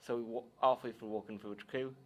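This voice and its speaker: A man's voice: mid-range voice, steady tone, fast talker. A young man co-hosting a podcast in casual chat, with dry, teasing banter. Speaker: podcast co-host. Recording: faint background noise.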